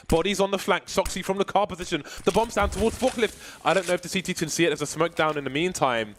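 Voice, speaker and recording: A man doing esports play-by-play with a joking, playful manner, drawing some lines out slowly and shooting up high on exciting calls. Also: background noise. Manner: jokey, playful, shifts between slow drawled lines and high excited calls. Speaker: esports commentator.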